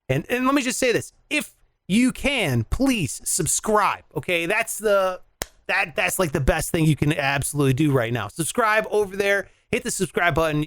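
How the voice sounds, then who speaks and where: Animated young man hosting a podcast. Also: a little high, no room sound, clean studio sound. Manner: loose, swearing, laughing, animated. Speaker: podcast host. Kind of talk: casual comedic chat.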